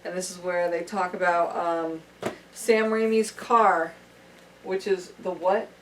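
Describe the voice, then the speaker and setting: Chatty woman, low voice, distant mic. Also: flat delivery, a bit bright. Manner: chatty, halting with many fillers. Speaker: podcast guest. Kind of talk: casual chat. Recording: distant mic with faint room noise.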